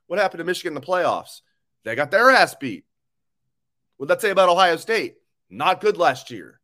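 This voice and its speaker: Reading out viewer comments on his live sports talk stream, this host rants bluntly and furiously, cursing as he goes. He has a high-pitched, sharp voice with big pitch swings, delivered at a moderate pace.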